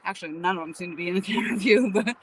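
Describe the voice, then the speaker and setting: A woman's voice: mid-range voice, rapid-fire, fairly bright tone, slight background noise. A woman hosting a fishing livestream from a riverbank, chatting with viewers by name and laughing easily. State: out of breath. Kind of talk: casual live chat with viewers. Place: outdoors by a river.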